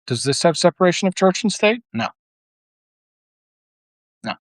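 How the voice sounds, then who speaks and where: A man's voice: high voice, expressive, a little slow, no room sound. A man delivering an unscripted monologue as an online commentator, heated and blunt, with profanity, rambling restarts and rhetorical questions.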